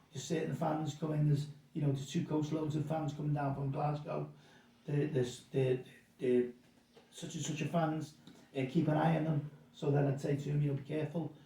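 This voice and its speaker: A middle-aged man, the pub landlord, sits in as a guest on a casual interview, telling rambling anecdotes and repeating his words. His voice is fairly high and mellow, delivered flatly and at a fairly quick clip. The recording sounds roomy, picked up from a distance.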